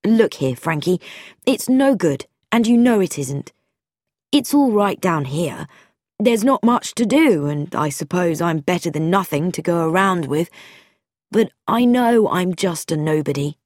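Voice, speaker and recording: Woman narrator doing a frank, loyal young ex-navy man; low voice, lively delivery, dry close recording. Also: measured pace, dry recording. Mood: earnest. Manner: plain, frank, self-deprecating. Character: young male ex-naval vicar's son, earnest and loyal.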